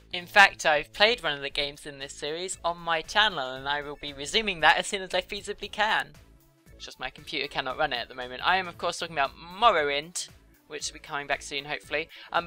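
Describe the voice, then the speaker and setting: Chatty, giggly woman with bright tone. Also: deep voice. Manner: chatty, giggly, self-deprecating. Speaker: YouTuber. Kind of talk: casual commentary while drawing.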